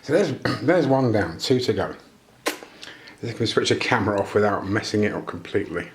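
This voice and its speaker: A man's voice: lowish voice, lively intonation, moderate pace, roomy sound, slight background noise. A British man cooking at home and chatting casually to the camera, making self-deprecating jokes as he goes. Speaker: vlogger. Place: home kitchen.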